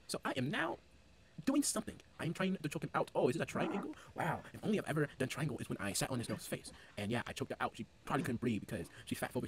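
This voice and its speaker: A young man giving a mock-boastful play-by-play voice-over of his own grappling match, bursting into high excited shouts. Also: a little hiss or hum. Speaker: comedic commentator of his own grappling video.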